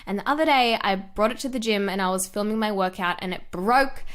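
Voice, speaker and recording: A woman's voice: medium pitch, fairly quick, a bit bright, clear, resonant tone. A woman, co-hosting a podcast in casual chat, teasing and laughing often. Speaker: podcast co-host.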